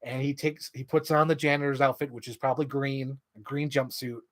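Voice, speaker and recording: A man in an excited, rambling monologue, swearing freely and filling his talk with "like". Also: medium pitch, fairly quick. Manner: enthusiastic, profane, filler-heavy. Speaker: channel host.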